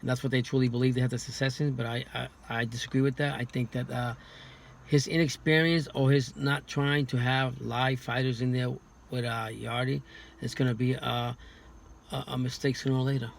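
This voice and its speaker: Male boxing guest, flat monotone, halting speech with restarts. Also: mid-range voice, creaky, a little hiss or hum. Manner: halting, many restarts and repeated words. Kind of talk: casual podcast chat.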